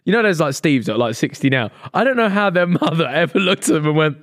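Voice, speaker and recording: A man's voice: fairly high pitch, lively intonation, fast, fairly bright tone, no room sound, studio quality. Teasing Essex man in his twenties. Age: 20s. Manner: banter-heavy, swears freely, teasing. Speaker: podcast co-host. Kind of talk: casual chat.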